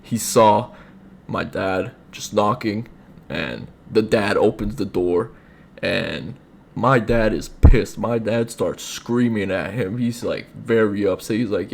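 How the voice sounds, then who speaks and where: A man's voice: fairly low pitch, slow pace, vocal fry. A young man telling a personal story in casual, rambling speech full of fillers. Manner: rambling, many fillers like "you know". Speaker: streamer.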